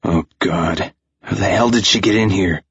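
A man's voice: deep voice, normal speed, creaky, fairly bright tone, husky, no room sound, dull audio, heavily acted. A man voicing a sleepy young man who is grumpy and ashamed, slurring and mumbling. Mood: upset.

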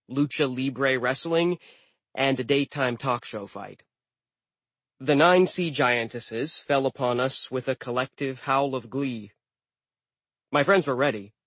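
A man reading a first-person audiobook narration with wry, deadpan humor. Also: mid-range voice, no room sound. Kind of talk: scripted narration.

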